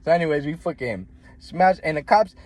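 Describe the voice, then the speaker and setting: Animated and fairly quick, this man recounts something from his own life in slangy, profane, casual talk, regularly addressing the listener as "G" and "bro." He performs the quoted voices at a much higher pitch.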